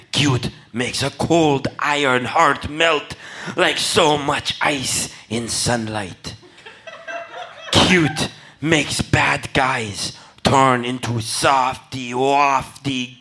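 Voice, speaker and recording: A man voicing an evil scheming villain boss who hates cute things, ranting slowly and menacingly. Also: fairly high pitch, sharp tone, exaggerated voice, poor audio. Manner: slow, menacing, theatrical rants. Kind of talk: comedy podcast sketch.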